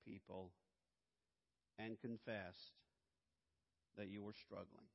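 A man preaching a sermon as pastor, swinging from hushed low lines to loud, urgent emphasis. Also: flat delivery, slow pace, vocal fry. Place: church sanctuary. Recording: dull lo-fi sound, long hall reverb.

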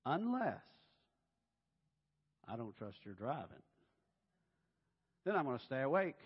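A man preaching a sermon in a church, animated and playful, dropping to a hush and then rising loud. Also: mid-range voice, unhurried, breathy edge. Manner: animated and playful, swinging between hushed and loud. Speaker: pastor. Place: church sanctuary. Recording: reverberant hall, dull sound.

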